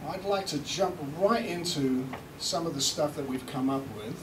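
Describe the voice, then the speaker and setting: A man's voice: a little high, normal speed. British man talking in an echoey room. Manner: chatty, joking, swearing lightly. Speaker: seminar presenter, recording engineer. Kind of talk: live seminar talk and demo. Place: room with a live audience. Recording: echoey room from far off, with background noise.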